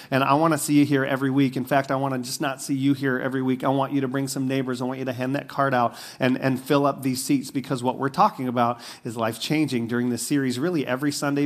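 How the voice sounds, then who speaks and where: A man preaching a sermon to a church audience in a casual, conversational way, with fillers and asides. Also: mid-range voice. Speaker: pastor.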